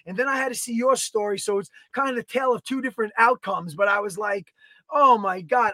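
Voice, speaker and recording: High-pitched guy podcast cohost, swearing and acting out a story, dead dry sound. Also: brisk, no room sound. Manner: animated storytelling, swears a lot, acts out quotes. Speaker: podcast co-host. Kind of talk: casual chat.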